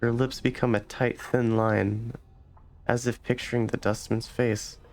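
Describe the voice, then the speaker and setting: A man's voice: mid-range voice, little pitch movement, unhurried. A man hosting a let's play, reading game text aloud unhurriedly, with hesitant fillers between passages.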